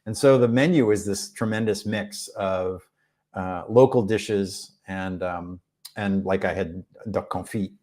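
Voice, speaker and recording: A man with a fairly low voice talks loosely to his live-stream viewers and drifts from one topic to the next. He fills his pauses with plenty of ums and uhs and keeps a laid-back, unhurried flow. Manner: rambling, relaxed, many fillers. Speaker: music channel host. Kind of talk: live stream chat answering questions. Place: rented room abroad.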